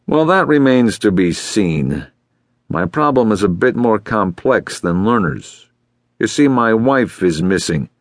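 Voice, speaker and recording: A man's voice: lowish voice, sing-song, a little slow, no echo, clean studio sound, pitched above the performer's own voice. A man playing a brusque, scornful client. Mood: irritated. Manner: brusque and impatient. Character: gruff, nervous, disdainful middle-aged male client. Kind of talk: audiobook character voice.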